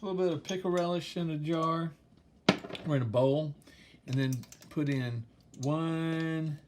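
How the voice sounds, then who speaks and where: Slightly high and a little slow, the voice of a home cooking show host drifts easygoingly through a recipe, peppered with "um"s and chuckles, against background noise. He's in his home kitchen, captured by a distant mic in a roomy space.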